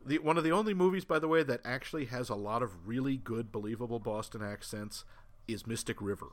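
A man from New England giving animated, opinionated takes in a casual film conversation, laughing often. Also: medium pitch, fast talker.

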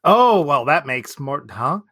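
Male podcast co-host, raised pitch, teasing banter. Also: very animated, slow pace, a bit bright, breathy edge. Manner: teasing, playful. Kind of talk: casual podcast chat.

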